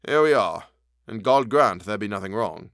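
A man's voice: mid-range voice, sing-song, moderate pace, a bit bright, dry recording, clean studio sound. A man voicing an anxious, loyal old male butler in a storybook reading, speaking harshly and urgently. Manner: harsh, broken, urgent pleading.

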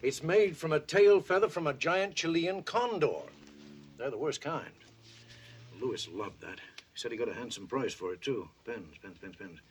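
A man's voice: medium pitch, animated, moderate pace, breathy edge. An actor playing a fussy antiques dealer who rambles about his finds, from a TV show. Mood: musing.

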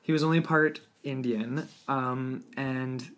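A woman co-hosting a podcast in relaxed, casual chat, hesitant with fillers. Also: a bass voice, slow pace. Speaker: podcast co-host.

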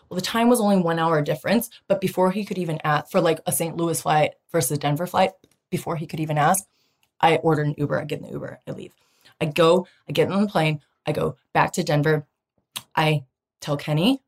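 A woman's voice: lowish voice, a little fast. A woman in her thirties hosting a podcast and telling a personal dating story in a chatty way, often acting out other people's lines in a raised voice. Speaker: podcast host. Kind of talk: casual storytelling monologue.

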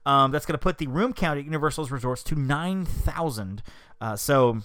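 A man's voice: fairly high pitch, moderate pace, fairly bright tone, dry recording. A man hosting a podcast in a casual, chatty way, upbeat and thinking aloud as he goes. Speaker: podcast host. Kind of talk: casual solo podcast talk.

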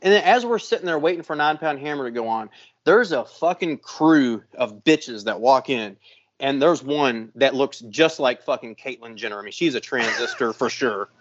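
A man co-hosting a podcast, telling a story in a casual, animated and profane way. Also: mid-range voice, moderate pace. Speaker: podcast co-host. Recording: dull lo-fi sound.

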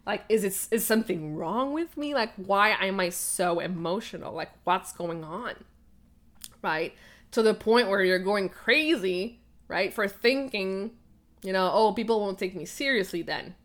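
A woman's voice: fairly low pitch, fairly bright tone. A young adult woman hosting a podcast, telling a personal story in an earnest, open way, with many "like"s and "right?"s and frequent laughter. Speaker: podcast host.

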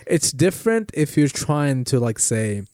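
A man's voice: mid-range voice, sing-song, measured pace, a little mellow, no room sound, studio quality. A man from Minnesota with a Minnesotan accent, hosting a casual chat in a rambling, profane way. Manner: rambling, profane, laughs often.

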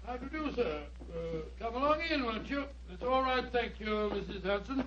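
An actor playing a bluff, hearty doctor companion in a vintage radio drama, fussy and exclaiming. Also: male voice, very high-pitched, expressive, a little fast, background noise. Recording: dull lo-fi old radio recording.

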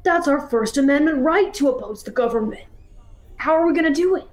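A woman's voice: high-pitched, lively intonation, brisk, pitched above the performer's own voice, poor audio. A woman playing a bewildered, eager young male hero in a comedy sketch, asking confused questions.

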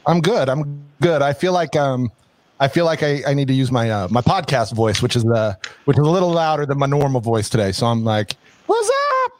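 A man's voice: medium pitch, a little mellow, slight background noise. Chatty male podcast co-host. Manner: chatty, halting with many fillers and restarts. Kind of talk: casual chat.

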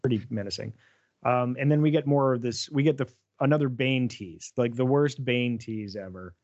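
A man's voice: medium pitch, normal speed, darkish tone. A man hosting a podcast, leading a casual discussion in a laid-back way. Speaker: podcast host. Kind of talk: casual chat. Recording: muffled sound.

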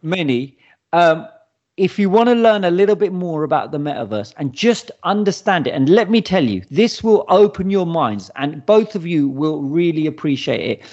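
A man co-hosting a podcast, telling stories in an animated way and laughing often. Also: on the high side, moderate pace, highs cut off. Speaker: podcast co-host. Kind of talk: casual chat.

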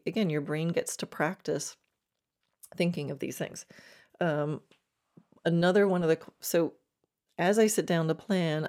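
A woman's voice: low voice, darkish tone. A woman riding coach giving a reflective instructional talk about planning horse training, with a laugh now and then.

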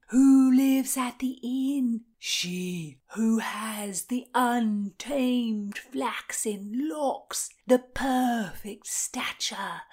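A woman voicing a dazed, lovestruck male jailer who speaks slowly and breathily, drifting into whispers. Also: on the high side, darkish tone, voice pushed up.

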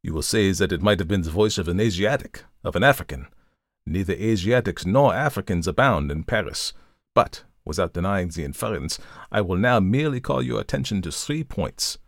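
Man reading calm methodical detective, lecturing tone, lowish voice, dry close sound, audiobook. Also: creaky, no echo. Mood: reasoning. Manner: measured, lecturing, reasoned. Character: calm, methodical male detective, middle-aged.

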